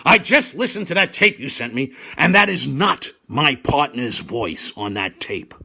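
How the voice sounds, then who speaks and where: Aging comedy star done by a man, indignant, slow emphatic scolding, lively pitch. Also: gravelly, husky, heavily acted.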